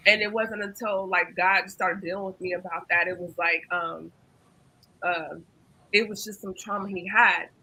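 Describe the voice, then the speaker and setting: A woman's voice: fairly low pitch, steady tone, normal speed, pushed and bright, slightly rough, rough recording. A woman hosting a panel discussion, earnestly telling a personal story with frequent ums and restarts. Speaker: host and facilitator.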